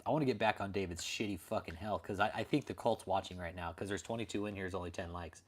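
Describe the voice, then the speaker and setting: A man's voice: deep voice, quick pace, breathy edge. A man hosting a late-night livestream, ranting profanely and answering viewers in chat. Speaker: livestream host.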